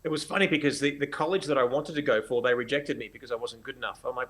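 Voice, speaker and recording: A man with an Australian accent, a photographer guest on a podcast, telling stories in an animated way and laughing often. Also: mid-range voice, fast talker, crowd noise. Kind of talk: casual interview storytelling.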